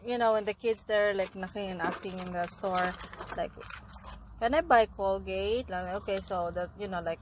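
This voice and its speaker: A woman's voice: on the low side, flat delivery, a little fast, noisy background. A young woman from the Philippines with a Filipino accent, chatting casually for her vlog and explaining things with restarts and little laughs. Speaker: vlogger. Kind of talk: casual chat.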